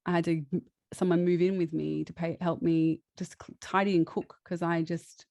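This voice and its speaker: A woman tells a personal story in a loose, chatty way, often laughing and breaking off to restart her sentences. Her voice sits a little low, and the recording is close and dry. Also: flat delivery, normal speed, vocal fry, dark tone, no room sound. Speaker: guest.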